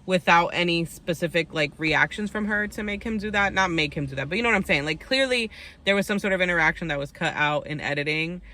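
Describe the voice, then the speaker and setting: A woman's voice: on the low side, fast, sharp tone. A young woman recapping a reality dating show in a casual chat, full of "like" and "um" fillers, telling the story with plenty of opinion.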